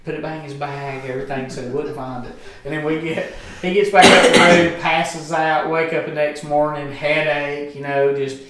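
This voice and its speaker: A man's voice: a little high, level tone, normal speed, few pauses, a loud crowd. Man telling a rambling, profane story. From Alabama, US. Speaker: guest. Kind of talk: casual storytelling chat. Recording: echoey room, distant mic.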